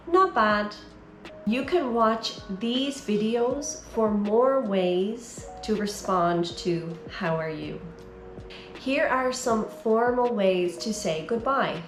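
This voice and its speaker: A woman from Ireland with an Irish accent, giving a slow, careful English lesson for beginners and encouraging her learners. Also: medium pitch, roomy sound. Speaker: English teacher.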